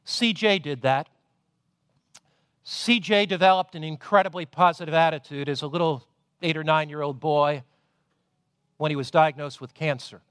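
A man preaching a sermon, moving between loud emphasis and hushed, intimate passages. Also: a little high, steady tone, normal speed, long pauses, smooth, dry recording, studio quality. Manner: dramatic, swings from loud to hushed.

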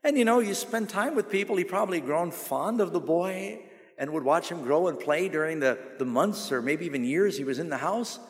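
A man's voice: a little high, expressive. Man preaching in a reverberant hall. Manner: asks the audience questions and answers them himself; slows down to stress key phrases. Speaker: pastor. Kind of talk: sermon. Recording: long reverb of a large hall.

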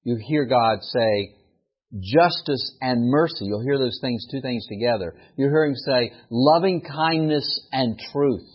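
A man preaching a sermon with animated delivery that rises to emphatic peaks. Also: mid-range voice, a little slow, slightly rough, muffled recording. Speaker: pastor.

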